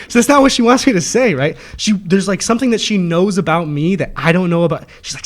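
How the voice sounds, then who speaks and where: A young man with a fairly high voice tells a long, winding dream story to his friends. He talks in a lively, animated way, laughs often and acts out the voices of the people in the story. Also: quick pace, few pauses. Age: young adult. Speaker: host. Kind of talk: casual storytelling among friends.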